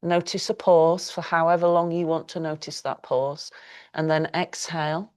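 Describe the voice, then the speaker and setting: A middle-aged woman teaching a yoga class, giving slow, calm breathing cues with long pauses. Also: low-pitched, clean tone. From United Kingdom. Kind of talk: guided yoga class instruction.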